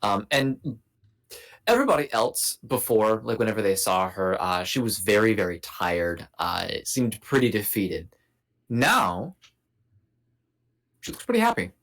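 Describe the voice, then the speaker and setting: A man's voice: fairly low pitch, big pitch swings, measured pace, long pauses, fairly bright tone. A man narrating as game master in a tabletop game, loose and hesitant, with many fillers.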